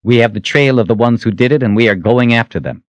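A man's voice: mid-range voice, fast, no echo, pitched above the performer's own voice, natural voice. A man voicing an earnest young army captain who speaks with raised, intense conviction in an audiobook.

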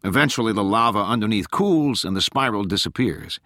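A level-headed oceanographer walking others through the science, as a man voices him. His tone is bright and forward, slightly above the narrator's pitch, recorded close and dry. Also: lively intonation, a little fast, no echo. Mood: explaining. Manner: patient, explanatory. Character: calm, explaining male oceanographer.

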